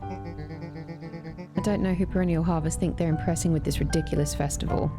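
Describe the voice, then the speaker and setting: A woman's voice: low voice, level tone, normal speed, music in the background, natural voice. A woman reading the lines of a grumpy, cynical townsperson with a grumbling, scornful manner.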